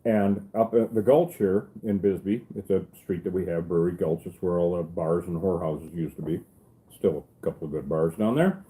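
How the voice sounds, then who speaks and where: A man's voice: low voice, normal speed, warm tone, rough recording. A middle-aged man, a beekeeper, telling stories in casual chat, rambling and cracking jokes with salty asides. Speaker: beekeeper and channel host.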